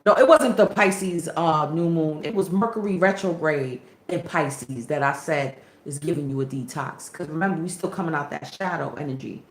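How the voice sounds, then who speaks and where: A woman spiritual reader in casual chat to camera, animated and slangy, with preachy asides. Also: low-pitched, normal speed, hardly any pauses. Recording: echoey room.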